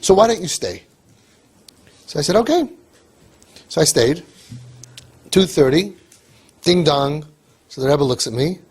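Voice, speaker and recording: A man with a slightly high, husky voice speaks in an animated storytelling manner, acting out what others say. He sprinkles Yiddish and Hebrew terms through his talk as he makes his case to listeners. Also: unhurried, long pauses. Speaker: speaker on outreach to youth.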